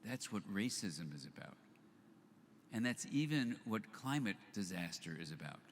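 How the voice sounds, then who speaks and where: A man's voice: on the low side, normal speed. An older man giving a live talk to an audience, telling an anecdote and acting out both sides of the dialogue. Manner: animated storyteller who acts out both sides of a dialogue. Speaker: speaker at a live event. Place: event hall. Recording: live hall with long reverb, faint noise.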